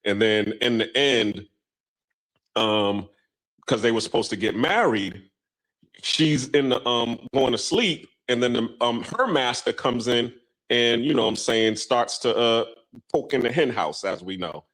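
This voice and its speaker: Man, casual talk host, mid-pitched voice, rambling with fillers. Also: unhurried, fairly bright tone, rough recording. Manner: rambling storytelling with many fillers. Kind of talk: casual discussion.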